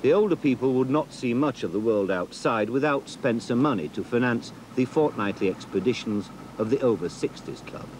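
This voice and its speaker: A man narrating a documentary in a measured, expressive way. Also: mid-range voice, noisy background. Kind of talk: scripted narration.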